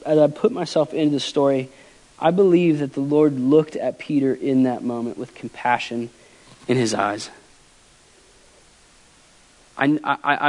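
Earnest, emotional male pastor preaching. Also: on the high side. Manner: earnest, emotional, shifts between loud emphasis and quiet softness. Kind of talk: sermon.

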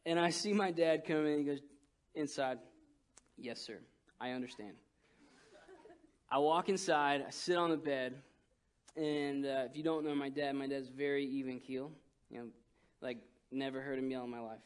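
A man preaching a sermon, telling a story with animated swings between loud bursts and hushed, quiet lines. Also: medium pitch, normal speed, smooth. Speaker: pastor.

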